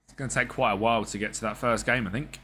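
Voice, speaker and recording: A man's voice: lowish voice, steady tone, fast talker, sharp tone, slight background noise. A man giving casual, slangy gameplay commentary and talking back to the characters on screen. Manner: chatty, slangy, talks to the game characters. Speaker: gaming streamer.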